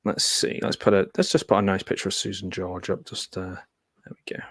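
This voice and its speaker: A man's voice: sits low, flat delivery, brisk, a bit bright, husky, no room sound, whispered. A man giving casual, sardonic live commentary over a movie, with lots of filler ums and wry asides. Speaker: film commentary host. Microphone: close mic in front of a green screen.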